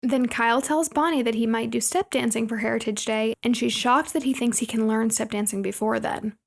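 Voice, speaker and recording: Gravelly higher-voiced woman recapping a movie. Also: fairly even intonation. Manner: brisk plot summarizing with playful asides. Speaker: podcast co-host. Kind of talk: casual movie recap chat.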